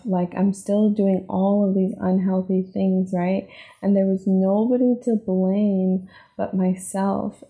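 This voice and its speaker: Near tears, a woman hosting a podcast opens up about her personal struggles in a reflective, emotional monologue peppered with "like" and "right?". Her voice is mid-range, creaky, and warm.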